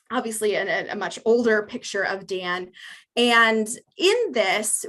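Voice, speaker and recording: A woman's voice: fairly high pitch, pushed and bright. A woman giving a museum lecture on local history, chatty and amused, with many fillers. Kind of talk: public history talk with slides.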